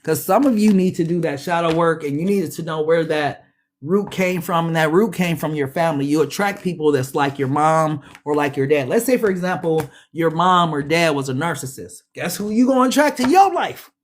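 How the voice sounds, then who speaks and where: A woman's voice: low voice, moderate pace. A woman giving a casual tarot reading, chatty and slangy, speaking straight to her listeners and sounding a bit stuffy. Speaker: tarot reader.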